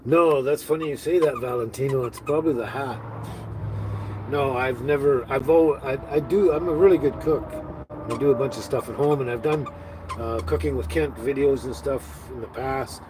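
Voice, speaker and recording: A man chats loosely on a live stream, wandering from one thought to the next with frequent fillers and restarts. He sounds like he is talking from inside a small home, and steady background noise runs under his voice throughout. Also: medium pitch. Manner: rambling, halting, with many restarts and fillers. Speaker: livestream host. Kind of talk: casual live-stream chat.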